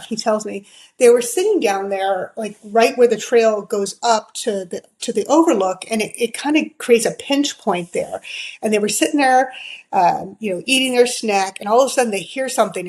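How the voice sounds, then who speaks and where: The recording is poor, capturing a middle-aged woman's mid-range, slightly mellow voice at a normal speed. As a podcast guest, she tells a story in a relaxed, chatty manner, peppered with fillers and dramatized quotes.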